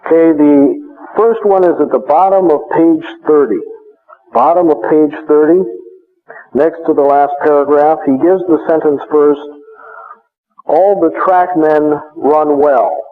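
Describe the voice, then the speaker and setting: A man giving a measured classroom lecture, explaining step by step with frequent hesitations. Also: fairly high pitch. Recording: tinny phone-like recording.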